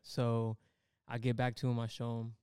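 A man's voice: medium pitch, completely flat delivery, moderate pace, dark tone, clean tone, dry recording, studio quality. A man, a tattoo artist guest on a podcast, telling stories in a rambling, profane, casual way with lots of fillers. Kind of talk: casual storytelling.

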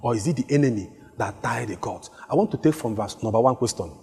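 A male pastor preaching a sermon, asking repeated rhetorical questions and climbing to shouts as he tells a story. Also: mid-range voice, expressive, fast, vocal fry, breathy edge. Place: church hall. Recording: long hall reverb with faint music.

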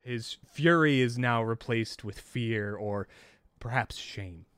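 A man's voice: medium pitch, slow, smooth, no room sound. Man narrating a tabletop game, dry sound. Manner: descriptive, relaxed narration with fillers. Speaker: game master.

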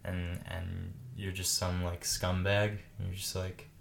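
A man's voice: low voice, completely flat delivery, measured pace, vocal fry, fairly bright tone, a little hiss or hum. A young man co-hosting a podcast, joking around, laughing and swearing casually. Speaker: podcast co-host. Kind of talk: casual chat.

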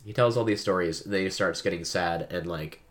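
A man's voice: sits low, fairly quick. A man co-hosting a podcast, chatting casually about a book and giving frequent listener backchannels.

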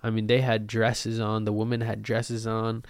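A young man hosting a solo podcast from his desk at home, rambling and joking at his own expense, with sudden loud bursts and mumbled asides. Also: on the low side, completely flat delivery, normal speed, no echo. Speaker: podcast host.

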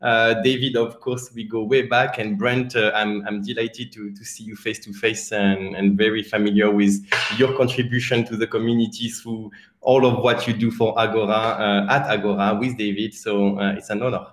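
A man's voice: lowish voice, little pitch movement, normal speed. A man with a French accent, a guest in an interview chatting casually, laughing often and restarting his sentences. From France. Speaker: guest, animation director. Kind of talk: casual conversation. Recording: roomy echo.

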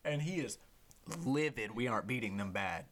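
A young man hosting a podcast, telling animated, profane stories in casual chat. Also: lowish voice, normal speed. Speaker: podcast host.

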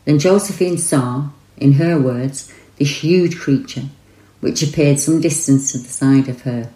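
Deep-voiced woman narrating. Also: roomy sound, poor audio. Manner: calm, measured storytelling. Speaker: narrator of paranormal reports. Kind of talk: scripted narration.

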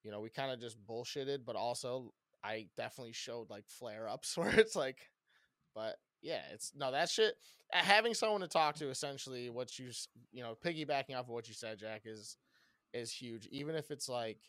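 A man co-hosting a casual podcast, telling a story loudly and rambunctiously with a lot of swearing. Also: mid-range voice, moderate pace, dry recording, clean studio sound. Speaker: podcast co-host.

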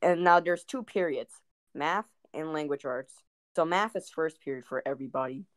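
A woman's voice: sits low, moderate pace, no echo, studio quality. A woman co-hosting a casual podcast, rambling with lots of fillers and giggles. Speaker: podcast co-host. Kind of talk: casual chat.

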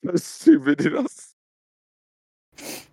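A man's voice: slow, mellow, no echo, studio quality. A man co-hosting a podcast, trading loose, profane banter in casual chat. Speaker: podcast co-host.

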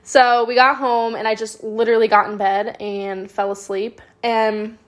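A woman's voice: fairly high pitch, measured pace. Chatty young woman telling stories. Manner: chatty and animated, with frequent "like", swearing and laughter. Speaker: podcast host. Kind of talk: casual storytelling monologue.

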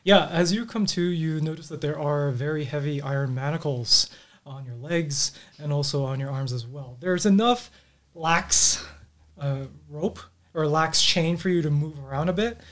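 Man narrating a tabletop game. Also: on the high side. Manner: descriptive, relaxed, halting with fillers. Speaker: game master.

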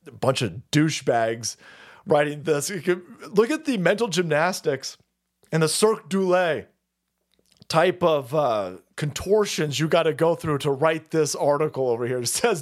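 A man hosting a stream, delivering a loud, profane, mocking political rant. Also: on the high side, expressive, normal speed. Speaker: streamer host. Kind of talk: ranting political commentary stream.

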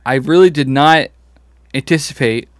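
A man's voice: a little high, moderate pace, dry recording, studio quality. A young man co-hosting a podcast in casual, laugh-filled chat, swearing easily. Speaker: podcast co-host.

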